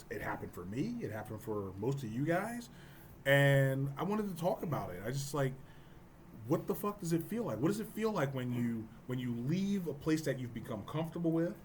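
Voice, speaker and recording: A man hosting a casual podcast chat about martial arts, loud, profane and joking. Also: mid-range voice, slight background noise. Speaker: podcast host.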